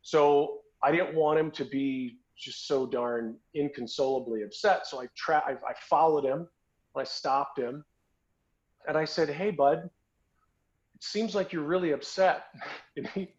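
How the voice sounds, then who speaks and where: A podcast host tells a story in a relaxed, conversational way, often restarting and repeating his words. His voice sits a bit high for a man. The recording is dull and lo-fi. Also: a little slow.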